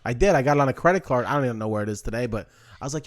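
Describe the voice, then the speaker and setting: Animated storytelling man, lively pitch. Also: racing. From New Jersey. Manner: animated, laughs often, acts out his own past lines. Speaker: podcast host and comedian. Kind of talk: casual storytelling chat.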